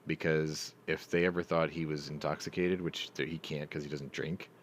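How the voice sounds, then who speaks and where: A man's voice: a bass voice, little pitch movement, moderate pace, a little hiss or hum. A middle-aged man hosting a casual live chat, rambling through stories and swearing freely. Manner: profane, rambling storyteller. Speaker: host.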